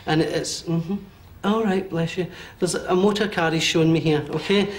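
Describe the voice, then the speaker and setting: A Scottish man in his forties giving a medium's reading, talking in a quick, animated way with many fillers and checks. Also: high-pitched, a little hiss or hum. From Scotland. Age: 40s. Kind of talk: live one-to-one reading before an audience.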